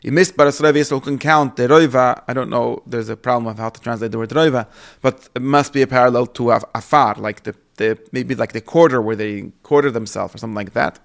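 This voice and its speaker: Man, gravelly voice, Bible teacher, explanatory lesson, frequent restarts. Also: mid-range voice, quick pace. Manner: reads Hebrew verses aloud and translates them, with fillers and restarts.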